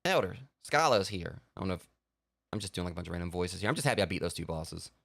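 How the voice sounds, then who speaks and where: Fast, rambling gamer guy. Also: low-pitched, steady tone, gravelly, a bit bright. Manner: rambling, filler-heavy. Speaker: let's play host. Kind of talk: casual gameplay commentary.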